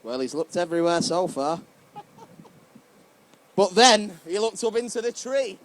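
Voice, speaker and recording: A man's voice: sits high, expressive, a little slow. A young man reading a picture book aloud to children, playful and asking them questions, laughing at his own slips. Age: young adult. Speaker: guest reader at a children's event.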